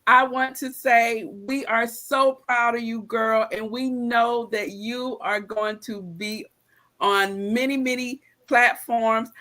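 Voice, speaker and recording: Slow-talking, bright-voiced woman host. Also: on the high side, steady tone. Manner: warm, chatty, laughs often, slangy. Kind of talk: casual live-stream chat.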